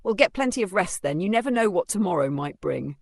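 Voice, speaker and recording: A man's voice: sits high, very animated, normal speed, no echo, studio quality, pitched above the performer's own voice. A man voicing a scheming stepmother who speaks in a falsely cheerful, knowing way in a narrated story. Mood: sugary, probing. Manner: sugary, knowing, probing.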